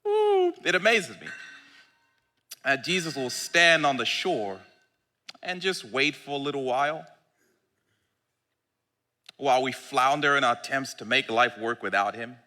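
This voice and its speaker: A male pastor preaching a sermon in an animated, fervent way, often laughing at his own points. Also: medium pitch, measured pace, long pauses, long reverb tail. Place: church.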